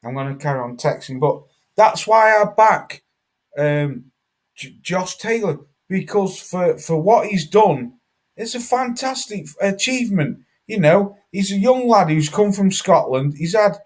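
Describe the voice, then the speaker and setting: A man hosting a live boxing talk stream, emphatic and swearing, repeating words for stress. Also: high-pitched. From Britain. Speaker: host.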